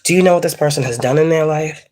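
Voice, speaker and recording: Low-voiced, blunt, profane woman reader. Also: quick pace, a little mellow. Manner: blunt, heavily profane, scolding. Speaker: psychic tarot reader. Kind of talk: casual spiritual reading rant.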